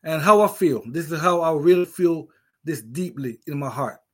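A middle-aged veteran with a non-native English accent gives a casual opinion monologue, emphatic and repetitive, restarting often. His voice is a little high, a bit bright and husky, at a moderate pace.

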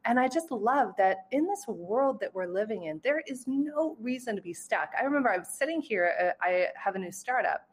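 A woman's voice: a little high, lively intonation, fairly quick, hardly any pauses, breathy edge. A woman who runs a startup joins a casual panel talk. She speaks in an upbeat, enthusiastic way. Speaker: startup founder.

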